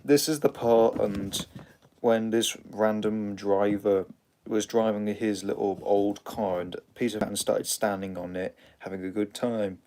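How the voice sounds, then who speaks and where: A man's voice: on the low side, steady tone, a little slow, mellow. A man with an English accent casually retelling a story in a loose, rambling way, full of fillers and restarts.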